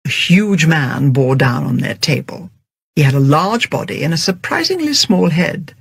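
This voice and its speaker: An audiobook narrator reading a story in a steady, storytelling manner. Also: mid-range voice, moderate pace, gravelly, slightly rough, dry recording.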